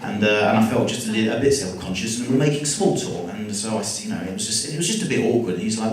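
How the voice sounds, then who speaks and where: A man's voice: on the low side, lively intonation, racing, hardly any pauses. An English man doing chatty, self-deprecating stand-up comedy to a live audience in a school hall, bantering with the crowd. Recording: echoey hall, mic from far off.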